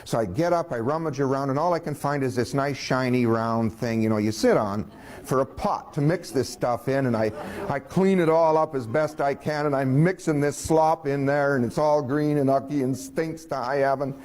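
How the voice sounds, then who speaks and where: A man's voice: medium pitch, moderate pace. A man telling a personal story in a folksy way, chuckling and acting out what others said. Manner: folksy, chuckling, quoting others in lively voices.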